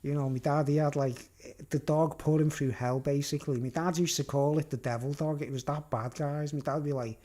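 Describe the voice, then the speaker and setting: A man's voice: a little high, steady tone, brisk, warm tone. A man with a Scouse accent rambling through a live-stream monologue, laughing often and repeatedly asking "you know what I mean?". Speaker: vlogger.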